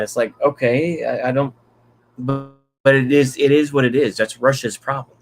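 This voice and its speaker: A man's voice: mid-range voice, steady tone, moderate pace, faint music behind. A man from Texas giving unscripted solo political commentary, rambling and profane, with many fillers and restarts.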